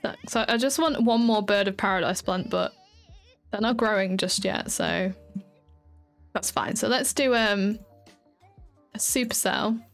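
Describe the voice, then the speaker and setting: A woman's voice: medium pitch, measured pace, pauses often, soft background music. A tired woman with a chatty, giggly, rambling manner, casually commenting on her gameplay as a streamer.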